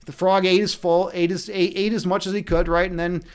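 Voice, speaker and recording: A man's voice: high voice, level tone, a little fast, clear, resonant tone. A man chatting casually on a live stream as host, rambling and swearing freely, often checking in with "right?". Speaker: streamer, chess instructor and meditation guide.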